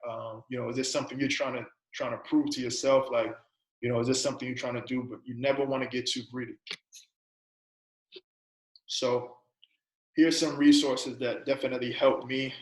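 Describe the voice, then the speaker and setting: Man presenting a casual trading lesson, flat delivery, keeps asking "right?", slightly echoey room. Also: mid-range voice, normal speed. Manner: conversational, repeats "right?" and "you know"; asks a string of coaching questions.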